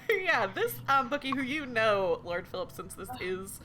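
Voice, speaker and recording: A woman's voice: a little high, sing-song, measured pace, pushed and bright, a little hiss or hum. A woman facilitating a tabletop role-playing game, chatty and full of fillers. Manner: chatty, many ums and likes, giggly.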